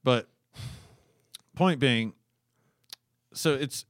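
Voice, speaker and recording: A man's voice: medium pitch, drawn-out words, dry recording, studio quality. Profane, ranting man on a podcast. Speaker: podcast co-host. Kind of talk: casual chat.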